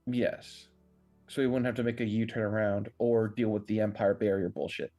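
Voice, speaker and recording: A man playing a tabletop game, calm and measured. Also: lowish voice, soft background music. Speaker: player.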